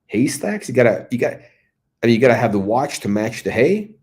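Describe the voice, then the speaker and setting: A middle-aged man hosts a watch review in a medium-pitched, very animated voice that's brisk and a little mellow. He rambles through casual commentary and stories, searching for words as he goes.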